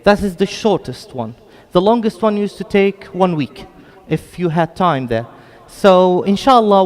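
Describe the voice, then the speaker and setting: A man's voice: fairly high pitch, darkish tone. A man from Jerusalem with a British-tinged English accent, giving an earnest, chatty lecture to a mosque audience with apologetic asides. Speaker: guest lecturer. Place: large hall at an Islamic center. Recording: long echo of a big hall.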